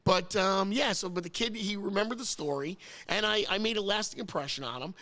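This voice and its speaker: A man's voice: high-pitched, a little fast, bright, forceful tone. A man from New Jersey hosting a casual chat, telling a long story in a rambling way, often repeating words and getting choked up. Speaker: host.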